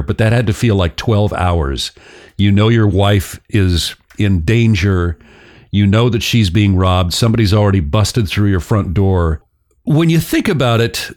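Brief: male podcast host, lively up-and-down delivery, joking, loose and chatty. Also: on the low side. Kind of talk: casual storytelling podcast.

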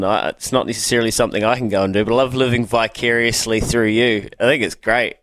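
A man's voice: fairly low pitch, fairly bright tone. A man hosting a morning radio show, upbeat as he runs through the lineup. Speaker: host.

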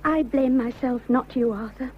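A woman's voice: sits high, moderate pace, slight background noise, lightly acted. An actress playing a distressed young woman who faltering hears a confession of love, in a vintage radio drama. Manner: anxious, faltering. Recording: dull lo-fi old radio recording with music.

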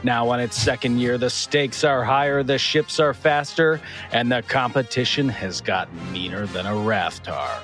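A man's voice: moderate pace, few pauses, a bit bright, faint music behind. Man doing a mock announcer voice. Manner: booming theatrical announcer delivery. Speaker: podcast co-host.

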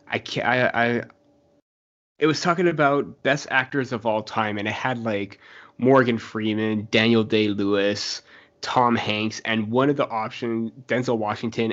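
A man co-hosting a casual sports podcast, laughing often and restarting his sentences. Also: mid-range voice. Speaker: podcast co-host. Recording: dull lo-fi podcast audio.

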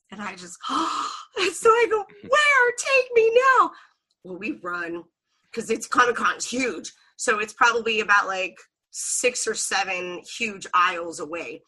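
Woman on a podcast, bright clear voice, lively chatty storytelling w lots of laughing. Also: mid-range voice. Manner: animated, laughs often, acts out quotes. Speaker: podcast guest. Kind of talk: casual storytelling chat.

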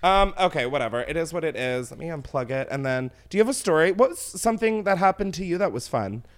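A man hosting a podcast, chatting and joking around in playful, quick banter. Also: a little high, expressive. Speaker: podcast host. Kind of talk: casual chat. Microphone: headphones and mic at a desk.

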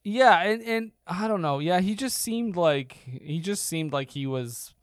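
A man's voice: sits high, lively intonation, unhurried, no room sound, clean studio sound. A man co-hosting a podcast, riffing in a chatty, incredulous way. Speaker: podcast co-host. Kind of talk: casual chat.

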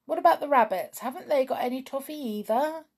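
A woman doing Moonface, loud and demanding. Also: high voice, brisk, voice pushed up. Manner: loud, abrupt. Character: round-faced sleepy male tree dweller, demanding.

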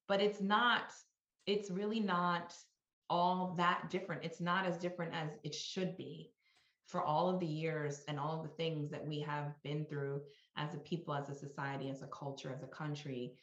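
Low-voiced middle-aged woman in a roomy space. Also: steady tone, normal speed, a bit bright. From New York. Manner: reflective, peppered with "you know" and "right?". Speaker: executive guest. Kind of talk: conversational interview. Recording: roomy, slightly dull sound.

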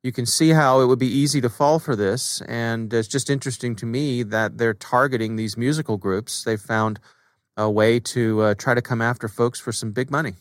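A man's voice: mid-range voice, normal speed, dry recording. Casual podcast host man, dry studio sound. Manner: relaxed, conversational with frequent fillers. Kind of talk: casual chat.

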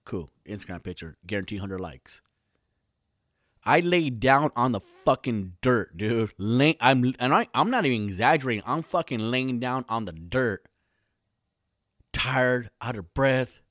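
Dude rambling on his podcast, swearing nonstop, tripping over his words, mid pitch, dry sound. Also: lively intonation, measured pace, fairly bright tone, dry recording. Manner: rambling, heavy swearing, frequent restarts. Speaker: podcast host. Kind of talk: casual comedic storytelling. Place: lives in Southern California.

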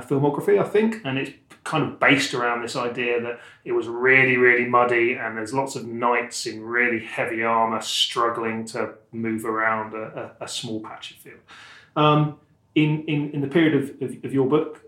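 Man, host, halting delivery, roomy sound. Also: medium pitch, a bit bright. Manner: hesitant, repeats words. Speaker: podcast host. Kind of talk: casual interview. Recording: roomy echo.

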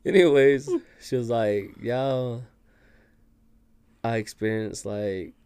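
A man spins a story as a podcast guest in loose, slangy talk, cursing and laughing as he goes. He speaks slowly at a middle pitch. His voice sounds dry and close. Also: lively intonation, no room sound. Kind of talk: casual storytelling chat.

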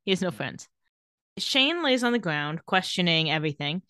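A woman's voice: on the low side, very animated, fairly bright tone, clean tone, no echo, clean studio sound. Playful woman recapping a show. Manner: playful, quick to laugh, acts out quotes lightly. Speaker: podcast co-host recapping a TV episode. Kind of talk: casual chat, retelling scenes.

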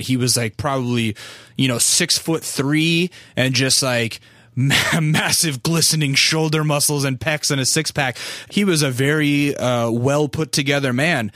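A man in his thirties rambles through a casual story, swearing freely and circling back with fillers and restarts. His voice sits at a middling pitch, and the sound is dry and close, with no room echo. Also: a bit bright.

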